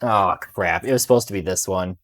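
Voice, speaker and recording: A man playing a tabletop wargame, talking casually and quickly through rules and dice rolls, with excitable outbursts. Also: low voice. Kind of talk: casual battle report banter.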